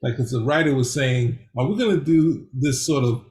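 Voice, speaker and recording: A man's voice: mid-range voice, moderate pace, darkish tone. A man co-hosting a podcast, rambling in casual chat with many hesitations. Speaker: podcast co-host.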